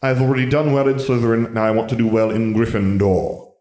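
A man's voice: medium pitch, little pitch movement, fairly quick, darkish tone, no room sound, voice pushed up, lightly acted. A man voicing a smug, scheming boy wizard who talks in a grandiose, condescending way.

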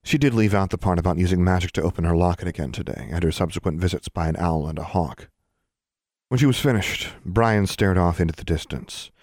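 A man narrating an audiobook in a measured storytelling manner. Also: deep voice, a little mellow, dry recording, clean studio sound. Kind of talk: scripted narration.

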